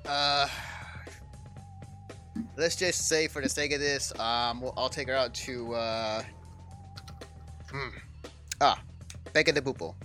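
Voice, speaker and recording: A man playing a tabletop game, excitable and groaning at his own bad rolls. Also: mid-range voice, slow, pauses often, soft background music. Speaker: player. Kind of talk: casual game chat.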